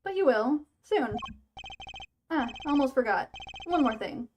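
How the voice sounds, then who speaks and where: A woman reading the lines of a calm, mysterious man, a former lawyer who now plays poker, in a laid-back, teasing way. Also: sits high, unhurried, dull audio, noisy background. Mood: cryptic. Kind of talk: reading game dialogue aloud. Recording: game music playing behind.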